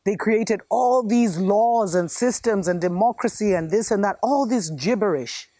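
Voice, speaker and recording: A woman's voice: mid-range voice, unhurried, mellow, no echo. A woman host giving an impassioned spiritual commentary monologue, fervent and preachy, calling her viewers family.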